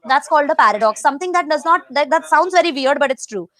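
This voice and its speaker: A woman with an Indian English accent teaching an online English grammar lesson, explaining each term with quick everyday examples and repeating the key words. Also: high voice, expressive, a bit bright, no echo.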